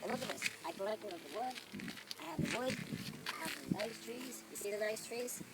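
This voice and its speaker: A man's voice: sits high, fairly quick, far from the mic, heavy background noise. A man in character as a grandiose self-proclaimed real Mexican, lecturing and boasting in a rambling improvised comedy monologue outdoors among trees. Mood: boastful. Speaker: vlogger in character.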